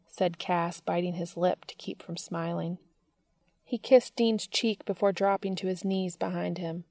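A woman reading fiction aloud with a slow, even storytelling delivery. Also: fairly low pitch, no echo. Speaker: narrator.

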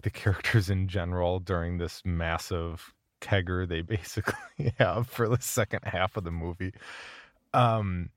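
A man's voice: fairly low pitch, dry recording, clean studio sound. A young man from Minnesota with a Minnesotan accent, co-hosting a podcast in casual, rambling chat and laughing often. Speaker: podcast co-host.

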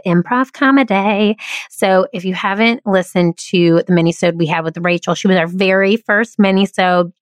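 A woman's voice: lowish voice, no room sound. A woman hosting a podcast, talking in an upbeat, effusive way as she welcomes her guest. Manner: enthusiastic, effusive. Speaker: podcast host.

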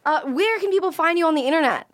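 A woman's voice: very high voice, lively intonation. A woman hosting a comedy podcast, chatting playfully and laughing often. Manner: giggly, quick to laugh, playful. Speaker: podcast host. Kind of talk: casual chat.

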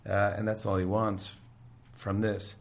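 Gravelly man retelling sitcom scenes. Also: lowish voice. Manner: animated, acts out characters' lines in quick impressions. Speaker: podcast guest, talk show host.

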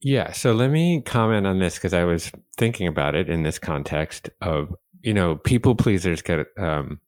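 A man hosting a podcast interview, telling stories in an animated, self-deprecating way. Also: low voice, moderate pace, no room sound, clean studio sound. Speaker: podcast host. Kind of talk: conversational interview.

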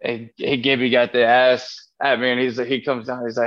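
A man's voice: mid-range voice, little pitch movement, fairly quick, hardly any pauses, a bit bright, muffled recording. A man as an interview guest, telling a long rambling anecdote and acting out the lines he and others said. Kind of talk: casual storytelling interview.

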